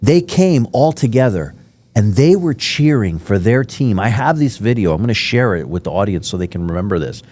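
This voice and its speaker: A podcast host from Miami with a very low voice. He tells his stories in a rambling, enthusiastic way, full of fillers and asides. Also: expressive, moderate pace, a little mellow. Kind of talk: casual interview chat.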